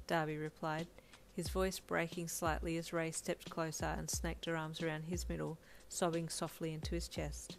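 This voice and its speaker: Woman with a lowish voice reading fanfic out loud, calm and even, soft lofi beat under it. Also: normal speed, gravelly. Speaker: fanfiction narrator. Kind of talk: audio story narration. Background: faint lo-fi background music.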